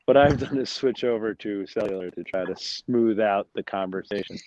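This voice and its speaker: Guest brewery owner, man, lively joker, low voice on a dull dry phone line. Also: normal speed, dry recording. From United States. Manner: animated storyteller, jokey. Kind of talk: casual chat over a phone line. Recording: muffled dry phone-call audio.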